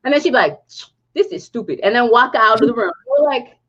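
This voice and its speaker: Animated woman on lo-fi stream audio. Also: on the high side, a little fast. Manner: animated storyteller, laughs while telling. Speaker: book club co-host. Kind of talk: casual livestream chat.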